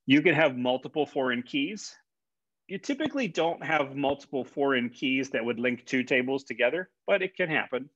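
A man's voice: medium pitch, animated, moderate pace, fairly bright tone, dry recording. A man, a college instructor, giving a conversational classroom lecture with fillers and repeated words. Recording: dull, dry lecture recording.

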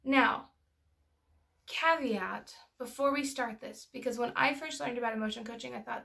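Chatty mother teaching parents, fry-heavy, slightly high. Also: normal speed, pushed and bright. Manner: chatty, storytelling, lots of filler words. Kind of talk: casual educational talk.

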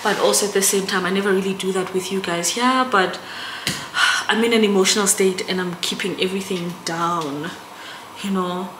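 A young South African woman chats casually to her camera in a vlog, her mid-range voice fairly even in intonation and moving at a normal speed. She's talkative and emotional and keeps turning to address her viewers. The room is echoey, with background noise behind her.

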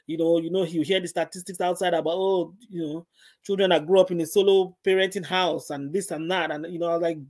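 A woman's voice: fairly low pitch, quick pace, darkish tone. Middle-aged woman sharing her faith story, earnest, says things twice for weight. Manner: earnest, repeats phrases for emphasis. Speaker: guest. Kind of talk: personal faith testimony.

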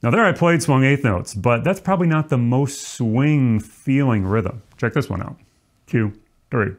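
A man teaching trombone, explaining swing feel in a relaxed, demonstrative way. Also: medium pitch, normal speed, faint music behind. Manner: relaxed, demonstrative, counts off and sings rhythm syllables. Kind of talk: music lesson.

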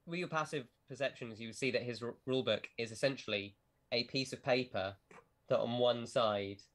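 A man's voice: medium pitch, a little fast, fairly bright tone. A man narrating a tabletop game as game master over a video call, hesitant and full of filler words. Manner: hesitant, lots of "kind of" and "um".

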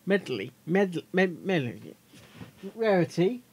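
A man's voice: high-pitched, sing-song, measured pace, gravelly, slight background noise. Chatty man hosting a reaction video. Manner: chatty, giggly, stumbles over words. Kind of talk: casual reaction commentary.

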